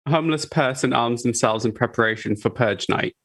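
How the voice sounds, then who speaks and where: A man's voice: medium pitch, a little fast, fairly bright tone. A man on a comedy panel, tossing out dry one-line jokes.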